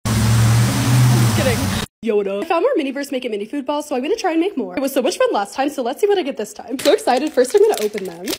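A woman's voice: sits high, big pitch swings, rapid-fire, few pauses, dark tone, slight background noise. A young adult woman narrating her cleaning and organizing vlog in a casual voice-over, gushing and bubbly with self-mocking asides. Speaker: lifestyle vlogger.

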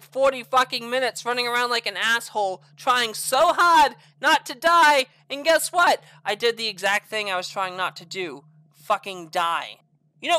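A woman doing let's-play commentary on a horror game, excitable and profane, swinging between groans and shrieks. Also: a little high, no room sound. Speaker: game streamer.

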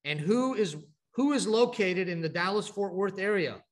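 A man's voice: high voice, expressive, moderate pace. A middle-aged man from Texas giving a conversational, story-driven talk to a group, full of asides and restarts. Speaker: speaker at an advocacy training event. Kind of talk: informal presentation to a group.

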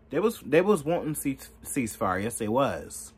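A man's voice: medium pitch, big pitch swings, moderate pace, hardly any pauses, slightly rough. A man ranting through political commentary in a heated, profane way, filling his talk with "like". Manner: profane, heated, lots of fillers.

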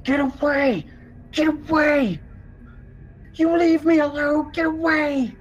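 A man voicing a frantic man barricaded inside a cabin, yelling desperately to be left alone. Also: very high-pitched, slow, highs cut off, faint music behind, pitched above the performer's own voice.

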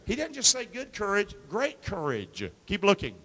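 A man preaching a sermon as pastor, quoting scripture and calling for responses from the congregation, shifting between quiet asides and loud emphatic lines. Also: sits high, huge pitch swings, moderate pace, few pauses. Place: church sanctuary. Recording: long reverb of a hall.

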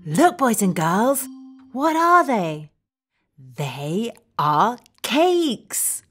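Woman teacher for kids, very lively pitch, very slow deliberate words, sing-song and coaxing, faint music behind. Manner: sing-song, exaggerated, coaxing children to repeat. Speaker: children's English teacher. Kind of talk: scripted children's lesson narration.

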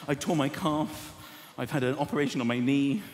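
A man in his thirties doing a stand-up comedy routine, acting out voices with big shouts and gasps. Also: medium pitch, fairly quick. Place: large theatre stage before a live audience. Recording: echoey theatre with long reverb and crowd noise.

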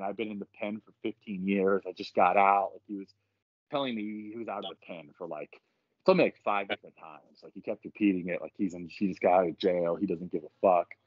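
A man on a podcast, telling a story casually and profanely, with lively acted quotes. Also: on the low side, fast talker, slightly rough, no room sound, highs cut off. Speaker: podcast guest.

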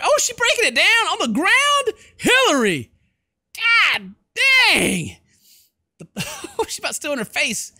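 A young man giving loud, goofy gameplay commentary, often shouting and laughing at the game. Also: very high voice, no room sound.

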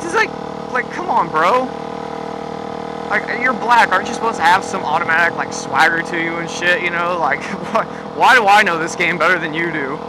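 High-voiced young man rambling profanely. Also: moderate pace. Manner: profane, rambling, laughing often, many fillers. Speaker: vlogger. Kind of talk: casual storytelling vlog. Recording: clear background noise.

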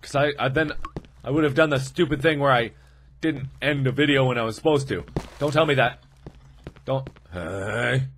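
A man giving horror gaming commentary, talking to the game and yelping and shouting whenever something jumps at him. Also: medium pitch, normal speed, slight background noise. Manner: jumpy, shouts and yelps at scares, talks to the game. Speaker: let's play gamer.

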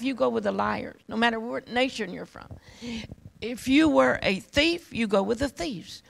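Older woman preacher, very gravelly voice, fervent and pleading, uses endearments. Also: fairly high pitch, poor audio. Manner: fervent, calls listeners honey and baby doll. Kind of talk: sermon.

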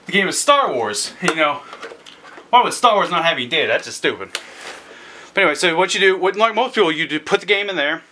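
Young male repair vlogger, breathless and excitable, slightly higher voice. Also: quick pace, a little hiss or hum. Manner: excitable, rambling. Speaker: repair video host. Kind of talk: casual repair tutorial.

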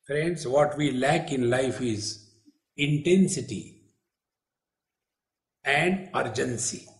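A man's voice: mid-range voice, slow pace, roomy sound. A man giving a spiritual retreat discourse with humorous storytelling and acted-out quotes. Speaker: spiritual teacher. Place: retreat hall.

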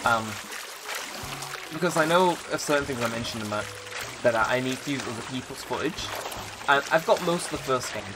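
A man hosting a casual let's play, rambling through his plans with many pauses and fillers. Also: medium pitch, music in the background. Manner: rambling, relaxed, lots of ums and likes. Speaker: gaming channel host.

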